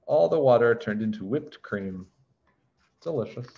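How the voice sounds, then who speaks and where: A man reads a children's book aloud, gently stopping to explain words for young listeners. He speaks slowly with a lively, rising and falling voice. The recording sounds muffled and lo-fi. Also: mid-range voice, vocal fry, a little hiss or hum. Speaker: teacher reading a storybook aloud.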